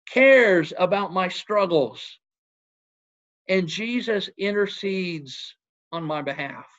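A man's voice: high-pitched, highs cut off. A man preaching a sermon in an earnest manner, asking rhetorical questions and citing scripture.

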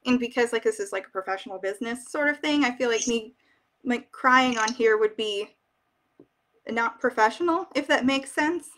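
A young woman with a slightly high, fairly bright voice speaks at a moderate pace while hosting a casual live stream as a wig shop ambassador. She reads viewer comments aloud and chats emotionally, using many fillers.

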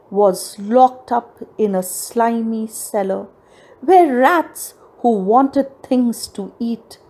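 A woman reciting a humorous rhymed poem in a choral recitation style, slow, deliberate and rhythmic. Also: a little high, darkish tone, breathy edge.

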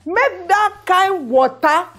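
A woman with a Nigerian Pidgin accent delivers a social commentary monologue in a high voice that swoops up and down. She is emphatic and exclamatory, firing off rhetorical questions, with faint music underneath. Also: lively intonation, takes it slowly, fairly bright tone. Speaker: show host.

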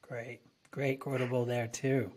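A man's voice: mid-range voice, little pitch movement, a little slow, a little mellow, husky. A man hosting an interview, giving short affirmations and reading out a question. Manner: brief affirming comments, then reads a question. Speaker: interview host. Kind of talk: interview host.

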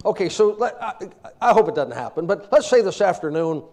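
A man's voice: high-pitched, brisk. A man preaching a sermon with humor, telling everyday stories, laughing often and quoting old-fashioned scripture. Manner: humorous, animated storytelling with frequent laughter.

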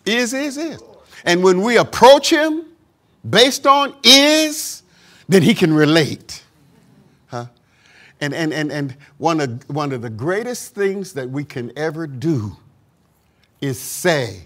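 A man's voice: sits high, lively intonation, unhurried, pushed and bright. A man preaching a sermon as pastor, emphatic, with call-and-response asides and acted-out voices of doubters. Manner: acts out quoted voices of doubters.

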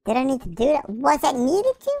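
A man's voice: very high voice, big pitch swings, brisk, darkish tone, no echo, full character voice, low-quality recording. A man voicing a cheeky baby hedgehog in playful gameplay commentary, full of silly rhymes and nonsense words. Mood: chatty. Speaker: game player.

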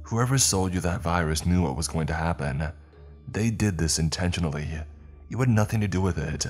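A frightened young woman played by a man pleads in a strained voice, lifted a little above his very low natural pitch. Quiet music plays underneath. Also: lively intonation, a little fast, breathy edge. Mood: pleading. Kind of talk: scripted horror narration.

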